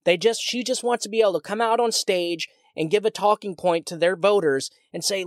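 A man hosts his own solo podcast, talking in a worked-up, ranting way and often restarting his sentences. His voice sits somewhat high for a man. The sound is dry and close, with no room echo. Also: fairly quick, few pauses. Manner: heated, ranting, repetitive restarts. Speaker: podcast host. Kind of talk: solo political commentary podcast.

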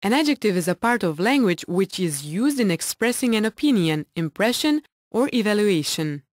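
A woman's voice: mid-range voice, big pitch swings, normal speed, no echo, studio quality. A woman narrating a scripted language lesson in a reassuring, explanatory way and translating the dialogue into English.

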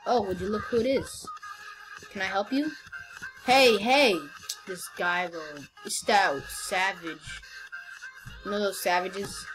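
A woman's voice: medium pitch, slow pace, pauses often, over music, low-quality recording. A young woman giving casual, teasing commentary while playing a game, often stumbling over her words. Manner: playful, teasing, stammering restarts. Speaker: gameplay commentator.

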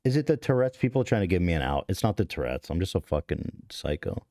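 A man in his thirties hosts a podcast in a low-pitched, warm, sing-song voice at a quick pace. Telling stream chat a story, he rambles, uses profanity, jokes at his own expense, and restarts often, with clean studio sound and no echo.

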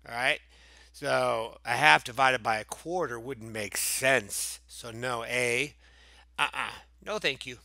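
A man's voice: medium pitch, slow, vocal fry, sharp tone, no echo. A man teaching a playful math review lesson, joking around between problems and slipping into silly voices. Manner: goofy, jokey, breaks into silly voices and asides.

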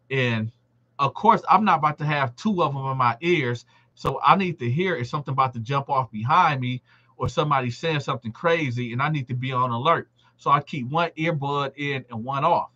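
In a muffled recording, a man with a slightly rough, mid-range voice hosts a live stream. He casually recounts a prison story, animatedly voicing what fellow inmates said.

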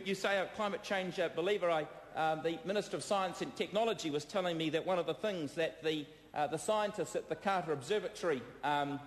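A man with a New Zealand accent giving a parliamentary debate speech, combative and halting, with many fillers, repeated phrases and replies to hecklers. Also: fairly high pitch. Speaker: member of parliament. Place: debating chamber. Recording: echoey chamber with long reverb.

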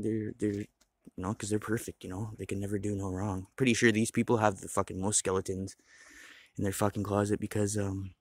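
A man's voice: on the low side, darkish tone, dry recording. A man talking to the camera in a rambling, swearing monologue, restless and blunt. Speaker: vlogger.

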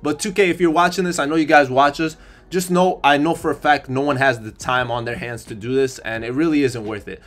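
A young man doing casual gameplay commentary for his channel, energetic and sarcastic, and he bursts into loud excitement. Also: medium pitch, fairly quick. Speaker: gaming YouTuber.

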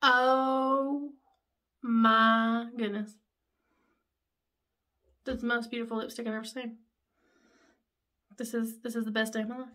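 A woman, chatting excitedly while doing her makeup in a casual vlog, gushing and chatty. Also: on the high side, fast talker, pauses often. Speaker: makeup vlogger. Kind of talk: casual get-ready-with-me chat.

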